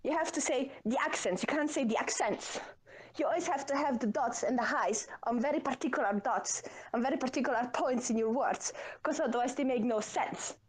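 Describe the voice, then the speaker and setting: A woman's voice: high voice, a little fast, hardly any pauses, husky. A woman in a casual chat, talking in loose, rambling sentences with many fillers. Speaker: guest.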